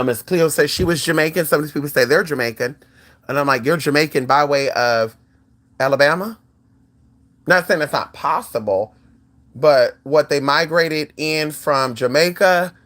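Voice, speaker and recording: A channel host in casual talk to viewers, sassy and animated, profane, sprinkling "girl" and "honey" through every thought. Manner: sassy and animated, swinging pitch often; peppers speech with "girl" and "honey".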